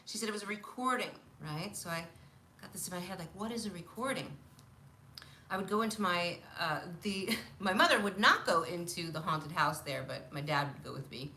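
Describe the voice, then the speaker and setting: A woman in her fifties telling stories from her childhood on a live stream, animated, laughing often and acting out what people said. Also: fairly low pitch, a little fast, a little hiss or hum. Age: 50s. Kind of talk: casual storytelling on a live stream. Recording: roomy echo.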